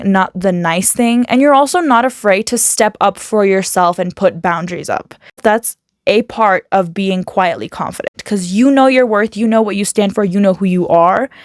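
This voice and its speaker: A woman talking casually to camera in a motivational vlog, chatty and animated, full of quick asides and filler words. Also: medium pitch, no echo, clean studio sound. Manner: chatty and talkative, self-described loud. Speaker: motivational vlogger.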